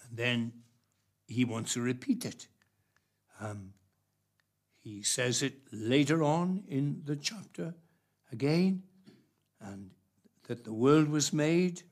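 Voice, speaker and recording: A man preaching a sermon, unhurried and emphatic, dropping soft and then rising loud on key phrases. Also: mid-range voice, lively intonation.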